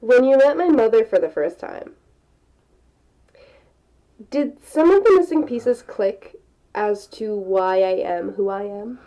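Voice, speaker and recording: Podcast host, a woman with a mellow, warm voice, playful and giggly interviewer. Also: mid-range voice, expressive, takes it slowly, pauses often. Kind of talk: casual interview.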